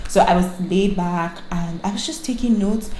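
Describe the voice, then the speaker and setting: A young woman, a guest influencer telling an animated story in casual conversation. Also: mid-range voice, moderate pace, slight background noise. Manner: animated, acts out quoted voices. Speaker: guest, influencer and former radio voice-over artist. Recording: echoey room with faint ambience.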